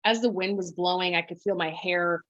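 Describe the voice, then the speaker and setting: A woman guest on a podcast, telling her story in a halting way, full of restarts and quoted self-talk. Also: on the low side, fairly even intonation, fairly bright tone. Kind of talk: conversational storytelling. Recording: dull, lo-fi dry sound.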